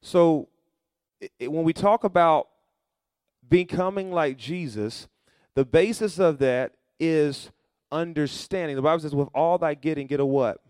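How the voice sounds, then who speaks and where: Middle-aged male pastor, preaching sermon, fairly high voice, dry close sound. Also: a little slow, smooth, no room sound. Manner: call-and-response preaching, building to loud emphatic peaks.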